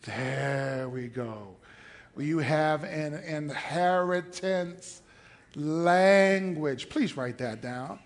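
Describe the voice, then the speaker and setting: A male pastor delivering a sermon in a church, moving between quiet, conversational asides and shouted declarations, and calling on the congregation to respond. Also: on the high side, extremely slow.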